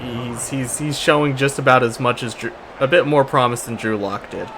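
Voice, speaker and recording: Against a noisy background, the same gaming YouTuber delivers casual, sarcastic play-by-play of his own football video game, exasperated and restarting frequently. His voice is mid-range and his pace moderate.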